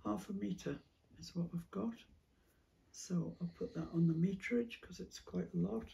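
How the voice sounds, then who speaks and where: A woman chatting casually as she sorts fabric for a craft vlog, musing aloud and dropping into soft whispered asides, with a cough now and then. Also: lowish voice, moderate pace, creaky, distant mic. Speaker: craft vlogger. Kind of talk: casual chat while sorting fabric.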